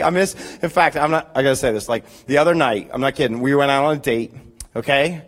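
A pastor in his forties preaches a sermon, telling animated, joking stories about his own marriage and often restarting his sentences. His voice is fairly high and he speaks fast.

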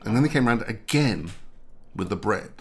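A man's voice: lowish voice, animated, normal speed. A man in his sixties chatting as a guest, telling rambling anecdotes. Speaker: guest, mergers and acquisitions adviser. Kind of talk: casual chat.

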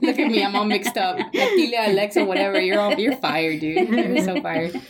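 A woman's voice: medium pitch, a little fast, a crowd in the background. A woman hosting a casual podcast chat, telling stories with a lot of laughter. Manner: laughing, animated storytelling. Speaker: podcast host.

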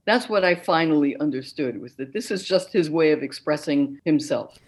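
An older woman, a concert narrator, speaking clearly and deliberately as an interview guest. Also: deep voice. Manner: clear, deliberate, articulate speech. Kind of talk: interview conversation.

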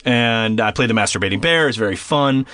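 A young adult man as a podcast guest, telling a story in a casual, animated way, swearing often and restarting his phrases. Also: mid-range voice, a little fast, no room sound.

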